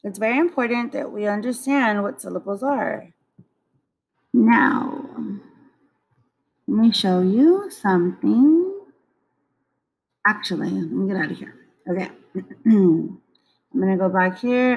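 Slow, patient woman teaching children. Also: mid-range voice, animated, vocal fry, darkish tone. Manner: slow, drawn-out word repetition, coaxing. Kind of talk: recorded reading lesson for young children.

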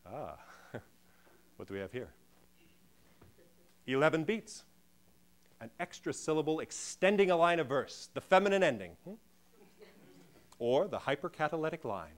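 A middle-aged man delivering a deadpan comic lecture on a theatre stage before a live audience. He swings between booming declamation and hushed murmurs. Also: moderate pace, pauses often. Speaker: solo stage performer playing a lecturer.

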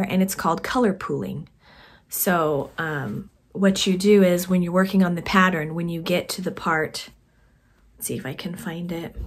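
A woman vlogger chatting casually about her knitting projects in a soft, conversational way that often trails off quietly. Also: lowish voice, slightly rough. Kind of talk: casual chat to camera.

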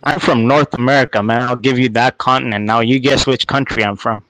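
A man's voice: medium pitch, steady tone, brisk, fairly bright tone, no echo, low-quality recording. A man from Canada calling in to a live chat, laid-back and teasing. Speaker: caller.

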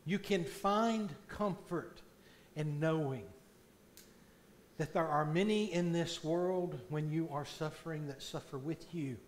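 A man delivers a sermon in a church, taking his time over each phrase and rising to loud, fervent peaks when he drives a point home. His voice sits fairly high for a man, with a faint background hiss behind it. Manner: slow deliberate preaching, swelling loud on key points. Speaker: pastor. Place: church sanctuary.

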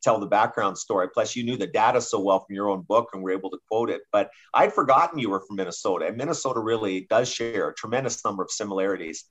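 Fast-talking joking middle-aged man. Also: on the low side, fairly bright tone, breathy edge. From Canada. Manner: quick, self-deprecating jokester. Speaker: guest author. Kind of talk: casual interview chat.

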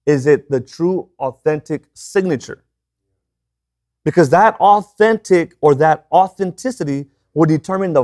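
Male pastor, fairly high voice, chatty sermon delivery that keeps checking in with the room. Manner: conversational, checks in with "right?".

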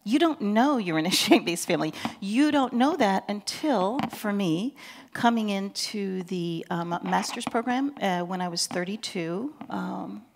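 Woman in her sixties, counseling professor; reflective, filler-heavy seminar talk that often drops soft. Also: medium pitch, lively intonation, unhurried, gravelly. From Pennsylvania. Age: 60s. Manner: reflective and conversational, with frequent fillers.

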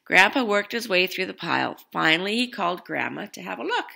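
A woman's voice: lowish voice, big pitch swings, moderate pace, gravelly, hardly any pauses. A woman reading a picture book aloud to children, chatting to her young listeners between pages. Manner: warm asides to young listeners, light laughs. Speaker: storybook reader.

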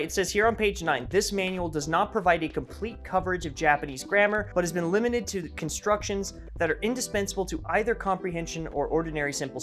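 A man giving a casual, energetic textbook review vlog, joking and poking fun at himself, with big jumps in pitch. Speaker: language-learning reviewer.

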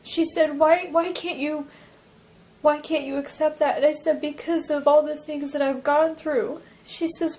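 A young woman from Alaska recounting a personal near-death experience, talking in an emotional, halting way with many fillers and restarts. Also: sits high, fairly even intonation, darkish tone, rough recording. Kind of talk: personal testimony, casual storytelling.

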